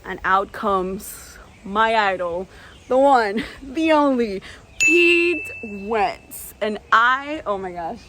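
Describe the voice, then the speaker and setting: A woman's voice: medium pitch, lively intonation, extremely slow, background noise. A young woman vlogger telling a personal story with lots of "like", gasping and squealing when she acts out her past self. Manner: peppers speech with "like".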